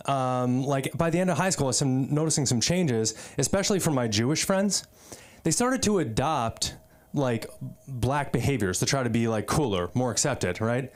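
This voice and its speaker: A man's voice: medium pitch, expressive, moderate pace. A man from the US East Coast doing a stand-up set at an open mic, talking in a loose, rambling way full of fillers and asides. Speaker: stand-up comedian. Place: comedy club stage.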